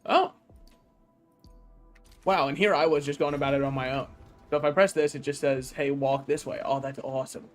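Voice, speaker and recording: A man livestreaming a game, chatting casually as he works through puzzles. His voice sits a bit high and carries loudly, full of joking, self-mocking remarks. Faint game music plays softly behind him. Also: fairly even intonation, moderate pace, pauses often. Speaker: streamer. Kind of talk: casual gameplay livestream commentary.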